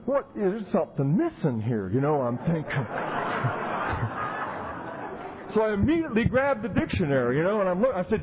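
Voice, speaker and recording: A man speaking at a recovery convention, telling his story in an animated way and acting out the people he quotes. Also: high voice, brisk, husky. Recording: tinny 1990s tape recording.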